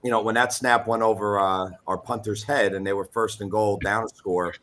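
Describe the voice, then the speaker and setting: A man, a high school football coach, giving measured, plain-spoken interview answers. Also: fairly even intonation, fairly bright tone.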